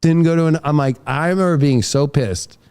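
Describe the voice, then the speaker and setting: Male podcast host: slightly high, soft-toned voice, profane and rambling. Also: brisk, clean tone. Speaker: tarot reader and podcast host. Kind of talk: casual podcast conversation.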